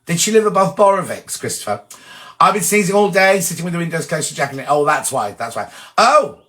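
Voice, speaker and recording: A chatty man hosts a relaxed live stream, reading out viewer messages and rambling into gossip. His voice sits a little higher than most men's. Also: a little fast. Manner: chatty, gossipy, reads comments aloud and rambles into anecdotes. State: sneezing from hay fever. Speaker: host reading viewer comments. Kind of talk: casual live-stream chat.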